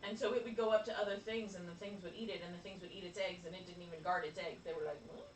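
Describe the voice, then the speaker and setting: A woman co-hosting a casual chat, animated and laughing often. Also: lowish voice, very fast, roomy sound, recorded from a distance, a little hiss or hum. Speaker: podcast co-host.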